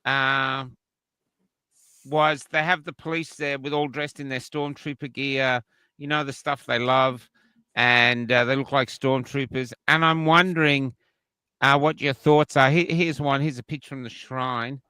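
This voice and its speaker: Bright-voiced Australian man, rambling. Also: mid-range voice, steady tone, measured pace, smooth, dry recording. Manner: rambling, opinionated, restarts often. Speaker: livestream host. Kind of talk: casual panel chat.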